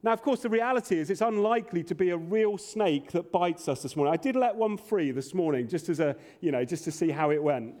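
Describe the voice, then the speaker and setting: A man's voice: high-pitched, a little fast, few pauses, a little mellow. A man preaching a sermon as pastor, earnest with playful asides.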